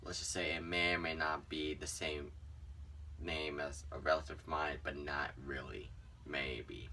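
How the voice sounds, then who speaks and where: A young man with a low voice tells a personal story on his vlog, rambling and full of fillers. His tone is bright and forceful despite the low pitch. He sits a little back from the microphone. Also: creaky, recorded from a distance, a little hiss or hum. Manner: rambling, many "like" and "um" fillers, lively swings in loudness. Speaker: vlogger. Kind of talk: casual storytelling.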